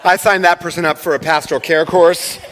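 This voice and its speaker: A man's voice: a little high, steady tone, fairly quick, fairly bright tone, a faint crowd, a little hiss or hum. A middle-aged man preaches a sermon in a church, his voice carrying a long hall reverb. He speaks in a slightly raised register with an easy, conversational manner, teasing his congregation between points. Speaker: pastor. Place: church sanctuary.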